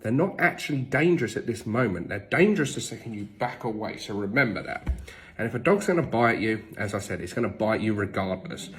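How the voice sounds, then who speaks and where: A man's voice: on the low side, expressive, brisk, a little hiss or hum. A man with an English accent giving blunt, emphatic dog-training tips to camera, cursing now and then. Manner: blunt, emphatic, swears casually.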